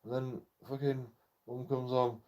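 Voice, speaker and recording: A man's voice: mid-range voice, little pitch movement, measured pace, dark tone, highs cut off. A young man tells a personal story in a casual, rambling way. He swears constantly and breaks off with short laughs between phrases. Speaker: channel host telling a personal story.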